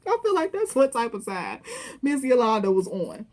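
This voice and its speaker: Animated woman recapping a reality show. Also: a little high, a little slow, pauses often. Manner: animated, profane, acts out quotes with laughter. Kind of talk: casual recap commentary.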